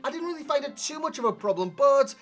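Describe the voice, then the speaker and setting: A man giving a chatty, animated video game player review, talking to viewers as lads, recorded as a desk mic voice-over. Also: very high-pitched, fast, faint music behind. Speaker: gaming YouTuber.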